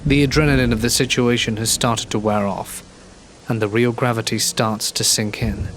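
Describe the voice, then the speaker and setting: A man narrating a horror story in a calm, measured, scripted reading. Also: medium pitch, slight background noise. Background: gentle rain.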